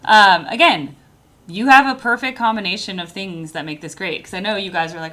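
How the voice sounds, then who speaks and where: A woman's voice: mid-range voice, lively intonation, normal speed, pushed and bright. A woman hosting a music reaction video, casually explaining vocal technique as she watches. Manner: explains vocal technique and mixes in brief sung demonstrations.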